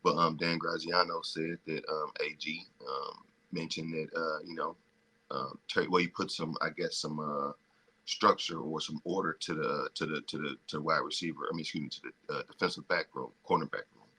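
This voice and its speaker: A man co-hosting a casual sports podcast, talking in a halting way with many pauses to gather his words. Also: rumbling low, fairly even intonation, pushed and bright, breathy edge. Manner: halting, with many ums and restarts. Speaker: podcast co-host.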